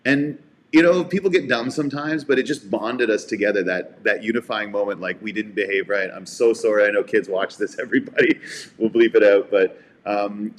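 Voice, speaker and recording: Low-voiced man telling baseball stories. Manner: warm storytelling, heartfelt. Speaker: podcast co-host. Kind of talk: casual sports chat.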